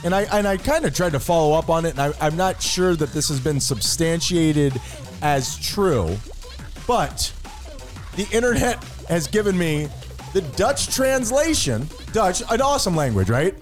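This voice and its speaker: A man's voice: on the high side, lively intonation, moderate pace, soft background music. A man co-hosting a casual comedy podcast, playful and teasing with a mock-serious streak. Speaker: podcast co-host.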